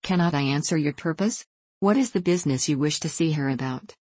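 A woman reading the part of a bold young gentleman who talks in a bland, coaxing way. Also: low-pitched, fairly quick, breathy edge, no room sound.

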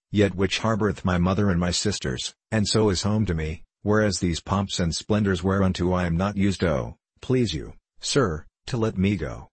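A man's voice: low-pitched, slightly rough, no room sound. A man voicing a timid, frightened pauper boy pleading in archaic speech.

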